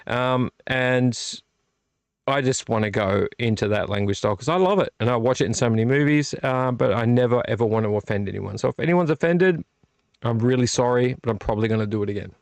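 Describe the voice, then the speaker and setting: An Australian man hosts a late-night live stream, speaking briskly at a medium pitch with no echo. Tipsy from drinks, he rambles off on tangents while chatting with viewers.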